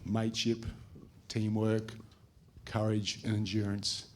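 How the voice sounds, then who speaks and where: A man delivering a formal welcome speech for the organising committee, in a measured, deliberate way. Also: fairly low pitch, monotone, a little hiss or hum.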